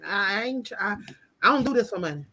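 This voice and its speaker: Animated, laughing woman host. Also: mid-range voice, fairly quick, a little hiss or hum. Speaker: book author and host. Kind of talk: casual group chat.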